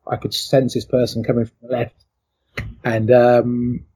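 A man's voice: mid-range voice, completely flat delivery, a little slow, warm tone, breathy edge. A middle-aged man, a former athlete, telling his story in an interview in a reflective, emotional way with many fillers.

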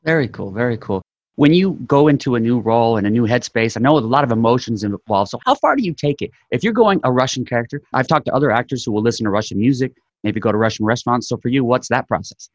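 Male host, fast talker, easygoing questions, dull lo-fi dry recording. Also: mid-range voice, animated, no room sound. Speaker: interviewer host. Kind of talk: casual interview chat.

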